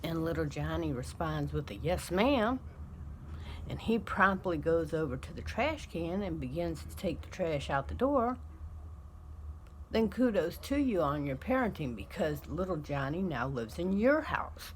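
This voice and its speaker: A woman's voice: low-pitched, lively intonation, normal speed, a little hiss or hum. A woman giving a comic mock lesson on parenting, lecturing in an emphatic tone. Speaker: vlogger giving parenting advice.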